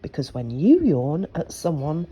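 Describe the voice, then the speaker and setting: Calm mother at bedtime, soothing and instructive, low husky voice, read by a woman. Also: unhurried, heavily acted.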